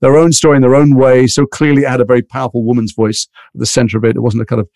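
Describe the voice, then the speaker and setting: A middle-aged actor telling animated anecdotes in an interview, acting out other people's voices. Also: male voice, medium pitch, rapid-fire, vocal fry, no echo, studio quality. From England. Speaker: actor guest.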